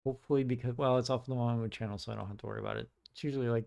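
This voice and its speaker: A man giving casual commentary while reacting to music, musing and excitable, with many filler "like"s. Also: mid-range voice, rapid-fire, vocal fry, hardly any pauses. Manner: musing, excitable, says "like" often.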